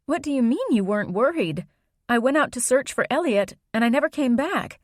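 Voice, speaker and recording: A woman's voice: fairly high pitch, lively intonation, moderate pace, dry recording, studio quality, voice pushed up, natural voice. Woman voicing an agitated young heroine. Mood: upset. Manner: raised, urgent, demanding.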